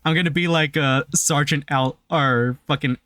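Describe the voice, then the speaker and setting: A man's voice: fairly high pitch, normal speed, clean tone, dry recording. Chatty man retelling movie scenes. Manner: animated retelling, acts out quotes from scenes. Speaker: podcast co-host. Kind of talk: casual movie review chat.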